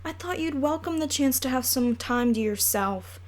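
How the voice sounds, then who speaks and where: A woman voicing a calm, practical mother who talks matter-of-factly. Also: high-pitched, moderate pace.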